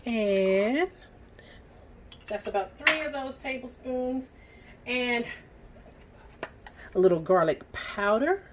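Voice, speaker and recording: A woman's voice: fairly high pitch, animated, takes it slowly, pauses often, background noise. A middle-aged woman with a Southern US accent, chatting folksily to her viewers as she stirs and cooks in her home kitchen. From Southern United States. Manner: folksy, talks straight to viewers while stirring. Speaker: cooking channel host. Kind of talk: chatty cooking demonstration.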